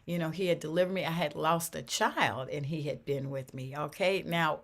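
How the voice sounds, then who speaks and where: A woman's voice: low voice, normal speed, hardly any pauses. An older woman telling her personal faith story as an interview guest, earnest, often repeating her phrases, her voice swelling and dropping with emotion. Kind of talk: personal faith testimony in conversation.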